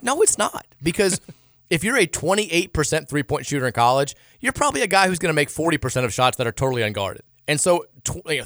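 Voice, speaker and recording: A man's voice: medium pitch, a bit bright, no echo, studio quality. A man hosting a sports radio show, talking in a frustrated, sarcastic, rambling way with many restarts. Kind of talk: casual sports radio talk.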